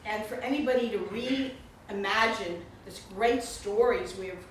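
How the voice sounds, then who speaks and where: This is an older woman at medium pitch and a measured pace, warmly and chattily presenting the author at a book reception with frequent laughter. Recorded in an indoor reception room, the sound is echoey and noisy, with the mic far away.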